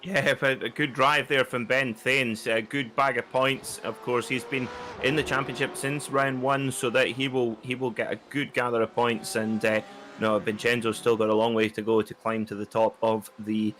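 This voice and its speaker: A man co-commentating a sim race, relaxed and chatty, telling anecdotes between the action. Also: medium pitch, moderate pace, a little hiss or hum. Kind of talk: live sim racing commentary.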